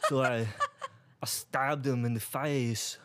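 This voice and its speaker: A man doing a stacked impression of a burly action-star man imitating an odd deadpan drawl, laughing through it. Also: medium pitch, slow, dry recording, voice pushed up. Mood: playful.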